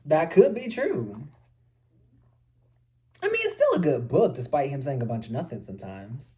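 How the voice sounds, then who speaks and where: Low, lively-voiced woman reviewing a book. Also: moderate pace. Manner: chatty and self-deprecating, reads passages aloud. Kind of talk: casual book review vlog.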